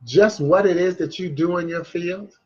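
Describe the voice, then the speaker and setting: A man voicing a poised, efficient woman clerk who asks questions briskly. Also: high-pitched, husky, lo-fi sound. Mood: probing.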